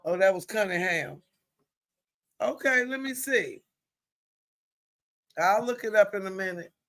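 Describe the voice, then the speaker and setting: A woman streaming live play-by-play commentary in a chatty, colloquial way, exclaiming loudly at good plays. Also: medium pitch, expressive, a little slow.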